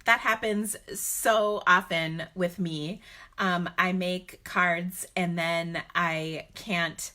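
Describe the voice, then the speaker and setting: A woman's voice: fairly low pitch, steady tone, drawn-out words, sharp tone. A woman hosting a live card-making stream, talking in a chatty, rambling way with many fillers. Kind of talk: casual live-stream talk.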